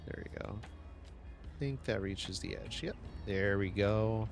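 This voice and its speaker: A man's voice: fairly low pitch, faint music behind. A man casually talking through his city-building gameplay, muttering to himself as he builds. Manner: slow, muttering narration of his own moves. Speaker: gaming streamer.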